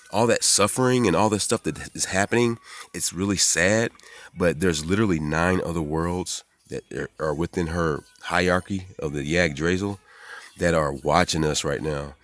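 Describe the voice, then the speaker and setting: A man in his forties, rambling excitedly and profanely in a casual monologue, jumping into high voices when he quotes people. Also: moderate pace, no room sound. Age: 40s. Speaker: spiritual vlogger.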